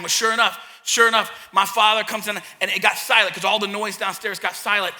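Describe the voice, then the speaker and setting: Bright, high-voiced pastor in a hall. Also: male voice, fast, hardly any pauses. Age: young adult to middle-aged, a parent. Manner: animated storyteller acting out childhood scenes. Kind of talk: sermon with personal story. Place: church hall. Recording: long hall reverb.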